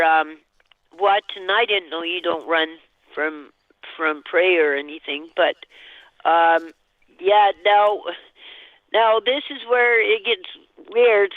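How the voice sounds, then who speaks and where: A woman's voice: medium pitch, dry recording. Woman on a tinny phone line. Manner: halting and rambling, with nervous laughs. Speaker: caller. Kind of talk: telling a personal story on a call-in show. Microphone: telephone.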